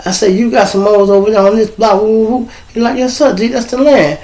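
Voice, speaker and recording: Poor audio carries a quick-paced, profane monologue from a middle-aged Chicago host recounting family stories. His voice runs a bit high for a man, and he animatedly imitates whoever he's quoting.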